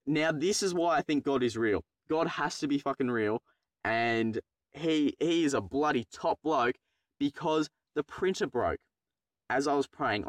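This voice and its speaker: A teenage man telling a funny personal story to his viewers, excitable and swearing freely, dropping into low mutters when he acts out his own panic. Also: no room sound, clean studio sound. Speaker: vlogger. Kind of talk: casual storytelling to camera.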